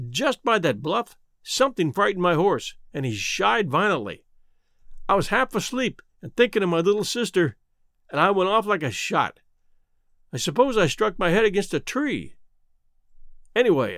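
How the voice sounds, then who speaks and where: A man's voice: sits high, fairly bright tone, dry recording, studio quality, heavily acted. A man voicing a sober, earnest young brother home from the north.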